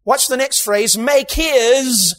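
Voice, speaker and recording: A man preaching a sermon in a church, emphatic, bursting into shouts for emphasis and slipping in humorous asides. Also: very high voice, takes it slowly. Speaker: guest preacher. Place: church sanctuary.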